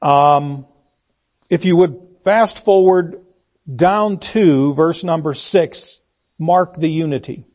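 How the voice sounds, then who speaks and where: A man's voice: a little high, slow pace, a little mellow. A man preaching an expository sermon in a church, emphatic, repeating key phrases and asking the congregation questions.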